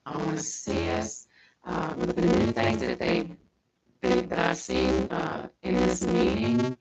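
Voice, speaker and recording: Very low, gravelly woman, hesitant. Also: wildly swooping pitch, measured pace, loud music behind the voice. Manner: hesitant, modest. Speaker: committee applicant at a city council meeting. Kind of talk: public remarks. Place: city council chamber. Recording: muffled meeting recording with loud background noise.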